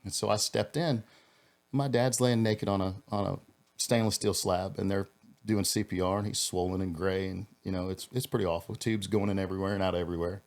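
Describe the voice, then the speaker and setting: Deep-voiced man telling an earnest story. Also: fairly even intonation, a little mellow. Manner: earnest, halting, with frequent restarts. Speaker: podcast guest, former police officer. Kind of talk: personal storytelling in a podcast interview.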